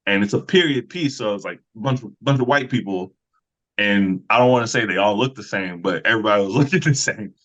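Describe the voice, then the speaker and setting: A man's voice: lowish voice, brisk. A man in his thirties, an actor and fight coordinator, chatting casually in a podcast interview and telling stories with acted-out voices. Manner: relaxed storyteller who acts out other voices. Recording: slightly dull lo-fi sound.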